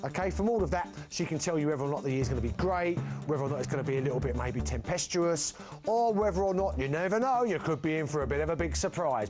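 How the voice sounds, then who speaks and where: A man hosting a TV game show live, joking and teasing his co-host. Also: a little high. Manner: jokey, teasing banter with a co-host. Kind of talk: live TV presenting over music. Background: background music.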